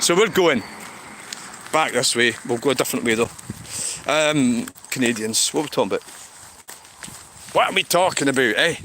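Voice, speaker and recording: A Scottish man streaming while he walks a town street, rambling and swearing as he answers viewers' comments. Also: on the high side. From Scotland. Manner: rambling, sweary, talks back to chat. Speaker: livestreamer. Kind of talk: casual walking livestream chat. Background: street traffic noise.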